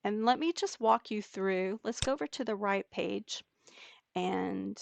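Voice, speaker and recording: A woman teaching a digital scrapbooking layout step by step, talking slowly and patiently with occasional fillers. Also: mid-range voice, creaky, no room sound. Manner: slow, step-by-step explaining with fillers. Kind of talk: screen-recorded software tutorial.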